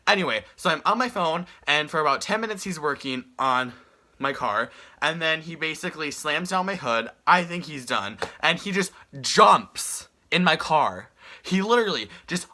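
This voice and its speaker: A young man telling a story on his vlog in an animated, exasperated way. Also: a little high. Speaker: vlogger.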